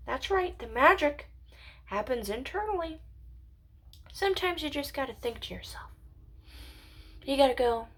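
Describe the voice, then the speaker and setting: A woman's voice: sits high, animated, a little slow, pauses often, a bit bright. A woman alone at home, rambling through a philosophical monologue to her channel, musing aloud and drifting into whispers and giggles. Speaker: channel owner.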